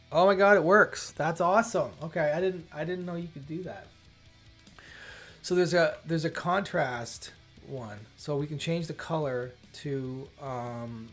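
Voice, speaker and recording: A man hosting a coding livestream, thinking aloud, often breaking off mid-sentence and exclaiming when something works. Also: mid-range voice. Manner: chatty, self-interrupting, quick to exclaim at results. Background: faint background music.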